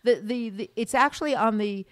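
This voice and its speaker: A woman's voice: a little high, brisk, no room sound, studio quality. A woman with an American accent, co-hosting a casual travel podcast and explaining things in a teacherly way, with fillers and restarts. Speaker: podcast co-host; former art school teacher.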